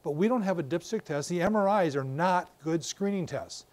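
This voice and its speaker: An older man giving a professional lecture on a wireless mic, explaining with animated stories and acted-out examples. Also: high-pitched, moderate pace. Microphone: battery-powered wireless mic.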